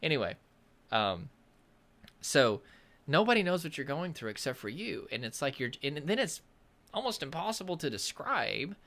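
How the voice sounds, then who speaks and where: A man's voice: on the high side, big pitch swings, moderate pace, pushed and bright. A man from the American South talking casually to camera as a coach, rambling and searching for words, with self-deprecating humor. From Southern United States. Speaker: nervous system coach.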